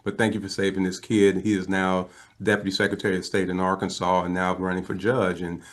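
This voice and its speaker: A man in his fifties, a talk show guest, telling an emotional personal story in an animated, earnest way. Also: low-pitched, a little fast. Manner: animated storyteller who acts out quoted voices. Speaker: interview guest.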